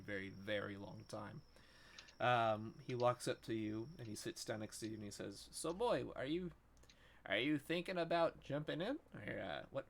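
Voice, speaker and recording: Gravelly man narrating as game master. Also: mid-range voice. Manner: relaxed narration with many "um"s.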